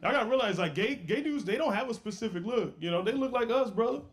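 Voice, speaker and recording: A man's voice: very high voice, lively intonation, fast, background noise. A man doing a stand-up comedy set, telling stories in a brash, playful way with asides to the crowd.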